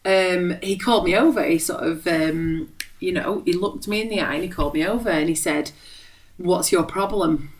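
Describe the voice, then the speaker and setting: A young English woman co-hosting a podcast, telling a story in a casual, animated way, laughing often and acting out what others said. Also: on the low side, brisk. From England. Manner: animated, laughs often, acts out quoted voices. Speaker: podcast co-host.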